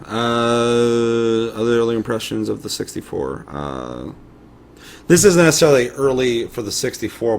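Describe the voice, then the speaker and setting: Young male co-host, low voice, rambling casual talk, swears a lot, faint background hiss. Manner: rambling, swears often, acts out past thoughts. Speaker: podcast co-host. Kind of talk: casual chat.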